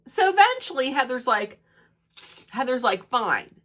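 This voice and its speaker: A woman with a stuffy nose recapping reality TV drama, slipping into the voices of the people she quotes. Her voice is bright and sharp, and it swings widely up and down as she tells the story. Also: on the high side, a little slow. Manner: gossipy, acts out quotes in animated voices. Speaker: recap commentator. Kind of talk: casual recap of a reality show.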